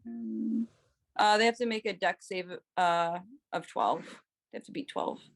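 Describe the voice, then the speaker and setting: A woman's voice: medium pitch, unhurried, creaky. A woman playing a tabletop game, chatting casually with many fillers. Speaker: player.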